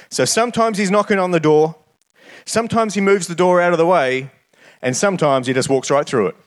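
A man's voice: high-pitched, a little fast. A man preaching a sermon in an earnest way, often repeating words as he starts his phrases.

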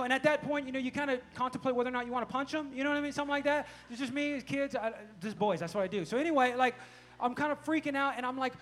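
A middle-aged pastor, preaching a sermon, telling a family story and shifting between hushed and loud delivery. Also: male voice, very high voice, rapid-fire.

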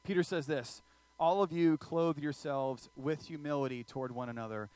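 Male pastor, bright high voice, playful sermon storyteller. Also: normal speed, hardly any pauses. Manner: animated, joking, audience asides.

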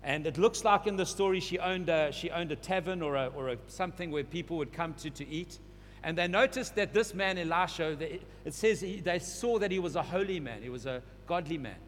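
High-voiced man preaching in a reverberant hall. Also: a little fast. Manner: builds to louder, urgent emphasis, repeating phrases. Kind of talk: sermon. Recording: long hall reverb, faint hum.

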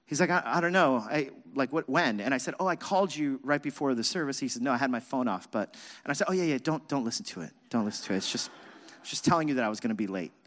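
A man preaching as a pastor, telling a self-mocking personal story with lively, animated delivery. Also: mid-range voice, fast. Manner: animated, self-mocking, acts out his own past shouting. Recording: reverberant hall.

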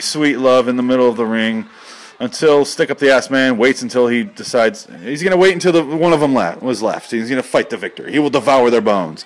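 A man at a middle pitch doing comedic play-by-play over a video. His delivery is deadpan and rambling, and it often breaks into excited outbursts. He sounds like a parody of a sports commentator. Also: fairly quick.

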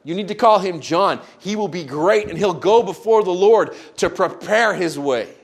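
A man's voice: sits high, lively intonation, moderate pace, gravelly, exaggerated voice. A man voicing the angel Gabriel, stern. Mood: announcing. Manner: casual, modern slangy paraphrase.

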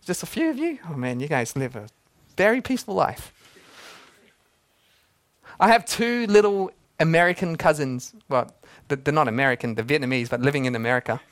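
A man's voice: a little high, animated, normal speed, fairly bright tone, dry recording. A man, preaching a sermon in a casual, joking way and laughing often. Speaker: pastor.

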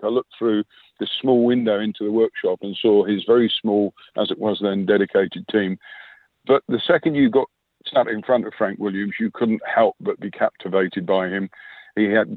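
A man's voice: fairly low pitch, no echo. A man in his sixties, an interview guest, recalling past work in long reflective anecdotes full of quoted dialogue. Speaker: interview guest, former sponsorship manager. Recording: dry tinny phone-line sound.

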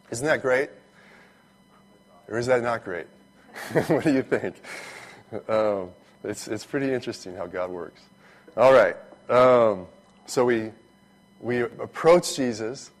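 A man, a pastor, giving a relaxed, conversational sermon that turns animated when he retells stories. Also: on the low side.

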